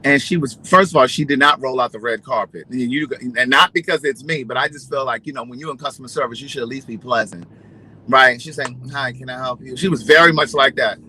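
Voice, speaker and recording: A man chatting casually to his viewers, telling stories in a gossipy, animated way. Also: medium pitch, a little fast, a little hiss or hum, low-quality recording. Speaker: vlogger. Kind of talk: casual storytelling chat.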